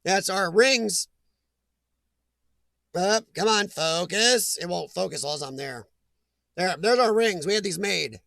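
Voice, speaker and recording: A man's voice: high voice, expressive, unhurried, creaky, pauses often, fairly bright tone, no echo. A man hosting a casual live chat, reading viewer names aloud and laughing often. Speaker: livestream host reading chat.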